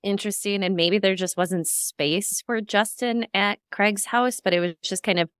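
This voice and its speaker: A woman's voice: medium pitch, fairly even intonation, moderate pace, a bit bright, smooth, dry recording, clean studio sound. A woman co-hosting a paranormal TV recap podcast, talking casually and going through her notes at length. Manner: rambling, recounts notes at length. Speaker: podcast co-host.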